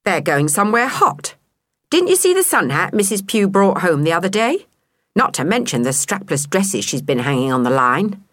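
A woman's voice: fairly low pitch, sing-song, normal speed, a bit bright, no echo. A woman voicing a scruffy male mongrel stray cat who needles and teases in a smug, knowing way.

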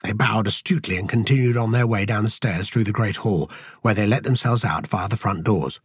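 Husky-voiced male audiobook narrator. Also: on the low side, no room sound, studio quality. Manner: measured, even storytelling. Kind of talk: scripted narration.

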